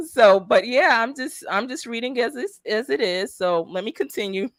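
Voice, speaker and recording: A woman's voice: fairly high pitch, expressive, normal speed, hardly any pauses, no echo. A woman hosting a true crime livestream, chatty and laughing often as she talks straight to her viewers. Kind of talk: casual livestream commentary.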